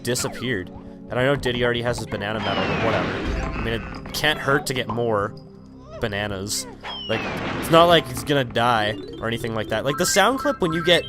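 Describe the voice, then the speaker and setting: A young man giving rambling, casual commentary over his gameplay, full of ums, likes and swearing. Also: mid-range voice. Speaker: let's play gamer. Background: game music.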